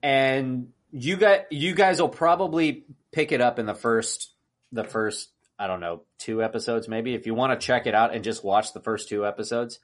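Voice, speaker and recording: A man co-hosting a podcast in casual chat, ranting with animated exasperation and acting out outbursts. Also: mid-range voice, moderate pace. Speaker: podcast co-host.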